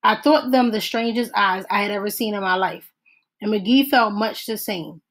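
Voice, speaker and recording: A woman's voice: medium pitch, normal speed, a bit bright, poor audio. Woman reading a novel aloud. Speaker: narrator. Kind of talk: audiobook read-aloud.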